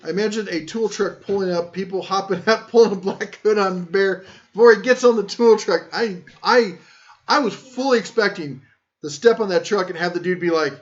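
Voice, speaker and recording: A high-voiced man rambles through a casual tool-talk live stream, cracking jokes at his own expense as he reads chat. The audio is muffled and lo-fi, like a cheap stream mic. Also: normal speed. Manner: rambling, joking, self-deprecating. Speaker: tool channel host.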